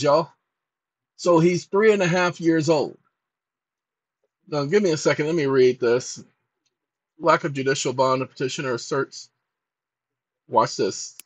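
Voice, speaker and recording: A man's voice: a little high, no echo. A man walking viewers through a casual screen-share tutorial, dictating prompts aloud in an emphatic, scolding way. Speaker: channel host.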